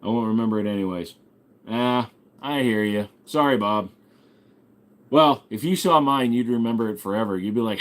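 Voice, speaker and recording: A young man with a fairly low voice and moderate pace hosts a laid-back livestream. He talks to chat, reading comments aloud and joking crudely with frequent swearing.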